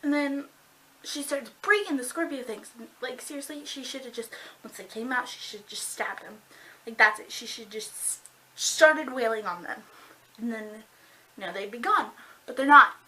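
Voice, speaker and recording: A woman gushing excitedly about a book in a casual review vlog, full of "like" and breathless reactions. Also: fairly high pitch, normal speed, rough recording. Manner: gushing and excitable, heavy use of "like".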